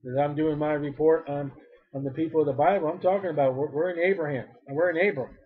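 A man's voice: on the high side, fairly even intonation, fast, husky, narrow, tinny audio. A male preacher giving a fervent sermon, repeating his phrases and rising to cries when he quotes.

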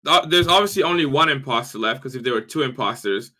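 A man in casual gaming chat, reasoning out loud and explaining the vote logic to the others. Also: mid-range voice, lively intonation, fast talker. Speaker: game player.

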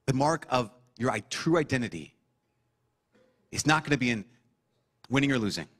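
Priest guy preaching hard, mid-pitched voice, keeps repeating lines to drive them home. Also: lively intonation, breathy edge. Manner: impassioned, repeats phrases for emphasis; soft, slow prayer voice. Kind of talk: sermon to a young audience.

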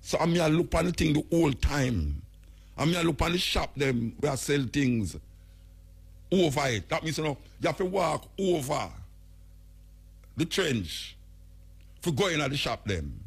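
A Jamaican man on a radio talk show delivers blunt, emphatic commentary and speaks straight at the officials he criticizes. His voice is gravelly and husky and sits a little high for a man. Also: very animated, moderate pace, long pauses. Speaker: radio host.

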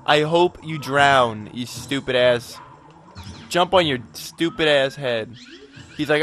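A man's voice: medium pitch, sing-song, normal speed, fairly bright tone, soft background music. A man giving casual gameplay commentary, frustrated and profane, rambling while a bit tipsy. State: tipsy from drinking. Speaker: let's play gamer.

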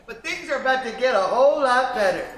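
A woman playing a brash office clerk and former stand-up comic, loud and jokey, in a staged reading of a TV script. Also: high-pitched, animated, quick pace. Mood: showboating. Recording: echoey room, mic far, audience noise.

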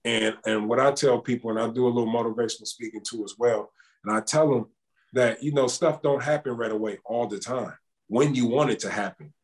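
A man's voice: mid-range voice, fairly quick. A man in his thirties, a former basketball player, telling stories in a casual interview and acting out the dialogue as he goes. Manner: animated storyteller acting out dialogue.

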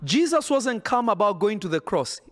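A man's voice: sits high, big pitch swings, moderate pace. A man preaching a sermon in an emphatic, insistent way, often repeating his phrases.

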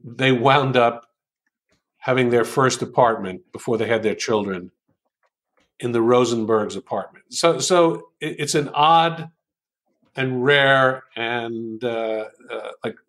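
An unhurried older man, an author and writing coach, explains writing with examples as a guest in a conversational interview. His voice is mid-range and fairly bright; he comes across as thoughtful and hesitant, full of ums, and he savors the lines he quotes.

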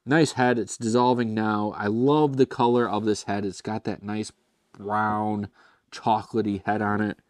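A man hosts a laid-back beer tasting review in a fairly low voice. He talks enthusiastically and chattily, with self-deprecating asides. The recording is dry and close, with no room sound. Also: flat delivery, measured pace, darkish tone, no room sound. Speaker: beer reviewer and show host.

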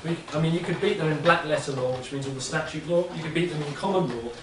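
Fast and a little high, a man's voice rambles through casual talk to a room with an audience, punctuated by frequent "yeah?" check-ins. The sound is echoey, the mic distant, and faint noise is present.

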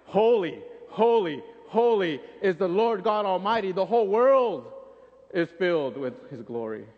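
A man's voice: medium pitch, unhurried, pitched below the performer's own voice, natural voice. A man voicing an adoring male angel who keeps repeating the same song of praise, in a church sanctuary. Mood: exalted. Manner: exclaiming, repeating the same chorus. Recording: dull recording with long church reverb.

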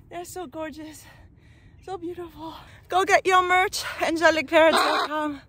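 A woman vlogging in a sunny park with her parrots, talking in a bubbly, excitable way. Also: very high-pitched. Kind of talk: casual outdoor vlog.

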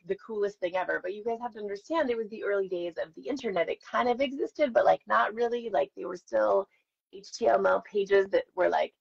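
A husky, medium-pitched woman's voice with vocal fry belongs to an actress in her forties. She's on a live stream signing autographs, chatting with fans and telling self-deprecating stories, heard through dull lo-fi audio.

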